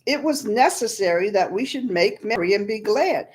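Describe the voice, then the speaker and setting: A woman's voice: mid-range voice, animated, moderate pace, few pauses. Plain-spoken woman teaching the Bible. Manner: plain-spoken, explains scripture in everyday words. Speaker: preacher.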